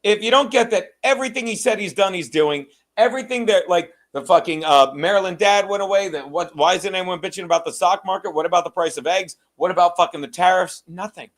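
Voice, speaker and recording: A man's voice: high voice, fast, few pauses, fairly bright tone. A male host ranting about politics, swearing constantly and hammering the same phrase over and over. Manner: profane, ranting, repetitive. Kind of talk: heated political commentary.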